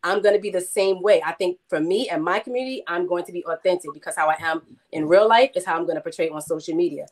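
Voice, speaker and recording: A woman's voice: lowish voice, fast talker, few pauses. A woman with a New York accent, speaking outspokenly and confidently as a panelist. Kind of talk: casual panel discussion.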